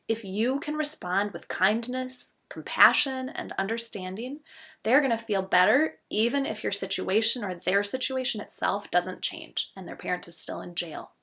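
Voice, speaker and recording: A woman gently explaining parenting steps, modeling soothing phrases for children. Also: medium pitch. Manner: gentle, explains step by step with spoken examples. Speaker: parenting educator. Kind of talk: instructional talk with example phrases.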